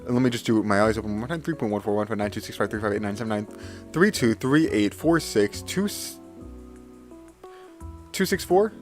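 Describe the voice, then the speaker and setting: During a live stream memory challenge, a young man with a fairly low, lively voice reels off long strings of digits in quick bursts. He trips up, apologizes and corrects himself in a flustered way, while soft music plays faintly in the background.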